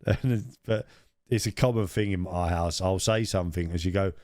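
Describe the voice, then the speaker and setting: Low-voiced, giggly podcast co-host. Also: male voice, moderate pace, a little mellow, no echo, clean studio sound. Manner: giggly, repeats phrases for comic effect. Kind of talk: casual chat.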